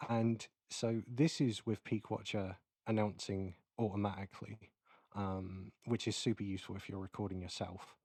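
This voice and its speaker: A man giving a casual, explanatory keynote while demonstrating audio software, with many fillers. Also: on the low side, little pitch movement, normal speed, breathy edge, no room sound, clean studio sound. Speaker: keynote presenter. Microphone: close mic into recording software.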